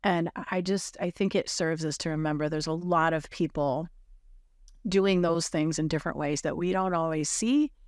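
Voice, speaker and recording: A woman on a podcast telling a moving personal story in an earnest, halting way, with many fillers and restarts. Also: deep voice, darkish tone, no room sound, studio quality.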